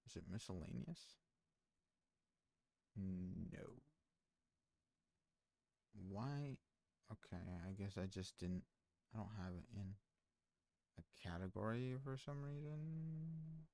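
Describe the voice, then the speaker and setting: Man, low voice, dry close mic, rambling casual stream talk, lots of fillers. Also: lively intonation, takes it slowly, gravelly, pauses often, dark tone, dry recording. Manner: rambling, many fillers and restarts. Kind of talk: casual stream chat, reading chat aloud.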